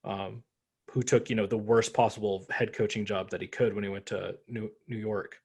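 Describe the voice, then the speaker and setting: A man co-hosting a casual sports podcast, ranting with animated, profane jokes. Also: on the low side, moderate pace, gravelly, slightly rough. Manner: animated, profane, joking rants. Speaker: podcast co-host.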